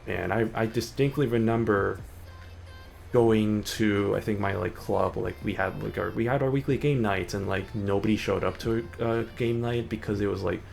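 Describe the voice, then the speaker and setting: A man's voice: fairly low pitch, steady tone, moderate pace, vocal fry, a little mellow. A young adult man streaming a game, chatting in a rambling way with lots of fillers. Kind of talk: casual gaming chat. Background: faint background music.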